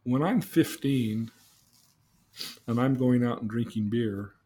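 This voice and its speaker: With a mellow, mid-range voice and a slow pace, a guest shares personal life stories casually and earnestly. He tends to repeat himself and pose leading questions.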